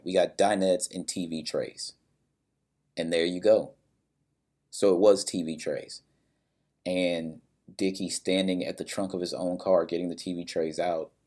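A man's voice: low-pitched, mellow. A man casually recapping a story and its characters, bluntly and with some swearing, briefly acting out the lines of people in it.

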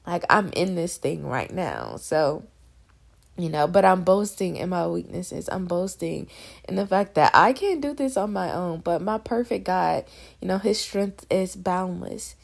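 A woman's voice: lowish voice, measured pace, gravelly. A young woman in her twenties sharing a faith testimony in a casual devotional talk, talking straight to listeners and near tears at times. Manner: emotional, on the verge of tears; conversational, addresses listeners as y'all.

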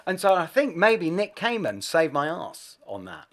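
Brief: expressive male musician guest, candid and profane, with a wide pitch range. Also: fairly quick, few pauses. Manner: swearing, self-deprecating, animated. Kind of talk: anecdotal storytelling.

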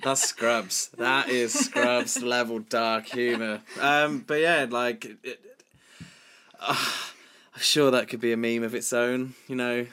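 A man's voice: medium pitch, steady tone, takes it slowly, pushed and bright, clear, resonant tone. A man from England co-hosting a film podcast in casual chat, jokey and rambling. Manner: jokey, rambling, lots of fillers. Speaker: podcast co-host.

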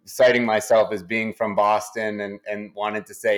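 Hombre de voz grave con acento de New Hampshire. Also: male voice, lowish voice, flat delivery, fairly bright tone. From New Hampshire, United States. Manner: halting, repeats words often. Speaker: company CEO, guest. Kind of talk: interview.

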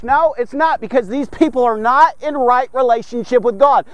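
A man's voice: extremely high pitch, moderate pace, no room sound. A man preaching a devotional podcast sermon, fervent and emphatic, asking and answering his own rhetorical questions.

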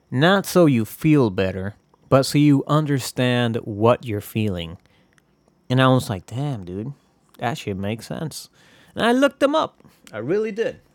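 Here a man hosts a casual podcast by himself, rambling, profane and quick to make himself the butt of the joke. His pitch is medium and the audio carries no room sound.

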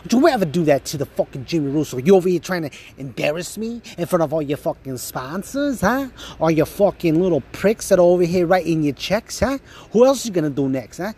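A man's voice: fairly high pitch, sing-song, brisk, a little mellow, husky. A man voicing a foul-mouthed, hot-tempered mob boss who rants profanely in a comedic monologue. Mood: furious. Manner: profane, ranting, threatening.

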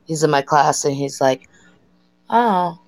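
A woman's voice: deep voice, a little slow, a little hiss or hum. A woman in her thirties casually chatting as a podcast co-host, swearing freely while telling stories. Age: 30s. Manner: profane, storytelling with laughs. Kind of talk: casual chat.

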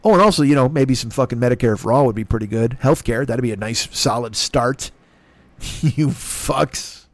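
A man's voice: fast, no echo. A man, the host, delivering a heated, profane comedic political rant. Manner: heated, profane, sweeping swings in pitch.

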